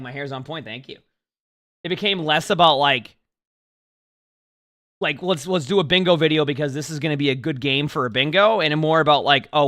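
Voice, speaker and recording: A young man talks casually to his livestream viewers, rambling and restarting his sentences. His voice sits a little high and sounds bright and forward. He chats loosely, with plenty of fillers. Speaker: streamer.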